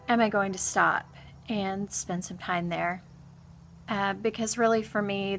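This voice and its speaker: Slow, halting grieving woman. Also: mid-range voice, gravelly. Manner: halting, soft-spoken, many pauses and restarts. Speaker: vlogger. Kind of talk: reflective personal monologue.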